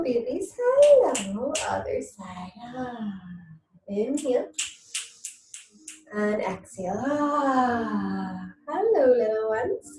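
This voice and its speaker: A woman leading a mum and baby yoga class, giving soft, soothing instructions and cooing at babies in a sing-song voice. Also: medium pitch, a little hiss or hum. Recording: echoey room, mic at a distance.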